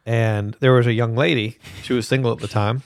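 A man's voice: medium pitch, fairly even intonation, fairly quick. A man co-hosting a podcast, telling a prank story in casual chat with frequent laughter. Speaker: podcast co-host.

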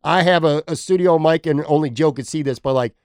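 A podcast host chats loosely and candidly, circling back on his points with a bit of swearing. His voice sits a touch high, and the recording is dry and close. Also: a little fast, smooth, dry recording. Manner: rambling, self-deprecating, swears casually. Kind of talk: casual chat. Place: temporary attic room.

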